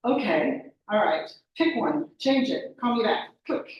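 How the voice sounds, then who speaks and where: Woman playing gruff brisk phone coach. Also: mid-range voice, lively intonation, highs cut off, natural voice. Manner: curt, impatient, rapid-fire questions. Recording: very echoey room, distant mic.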